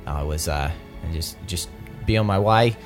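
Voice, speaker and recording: A man's voice: deep voice, moderate pace, soft background music, voice pushed down, natural voice. A man voicing a nervous, chatty male wanderer who stammers and rambles in a put-on British accent. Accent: British-sounding put-on.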